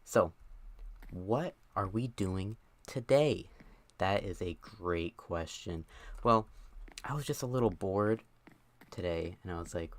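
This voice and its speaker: A man's voice: low-pitched, a little slow, no room sound. A young man chatting on a live stream, out of breath, rambling and joking at himself with lots of fillers. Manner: rambling, self-mocking, many fillers. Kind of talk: casual live stream chat.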